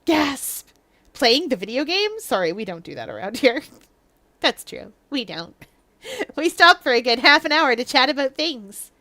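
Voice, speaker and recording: Giggly, high-voiced woman streamer. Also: big pitch swings, normal speed, sharp tone, dry recording. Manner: giggly, jokey. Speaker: gaming streamer. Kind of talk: casual live-stream chat.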